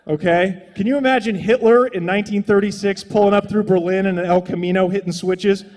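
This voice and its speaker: A man's voice: high-pitched, fairly even intonation, a little fast, a little mellow, in a large hall. A young adult man doing a stand-up comedy set on a small stage, rambling and profane in a loose, conversational way.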